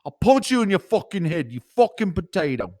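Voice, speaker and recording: A man's voice: sits low, expressive, unhurried. A man putting on a brash, foul-mouthed British bloke, swearing and making rowdy threats as a comic podcast bit.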